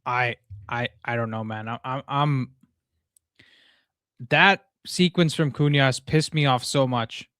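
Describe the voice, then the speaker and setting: A man's voice: medium pitch, a little slow, fairly bright tone, dry recording, studio quality. A man hosting a live football watchalong, venting angrily in a ranting, stammering way and swearing at a player. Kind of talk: live match reaction. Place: home room.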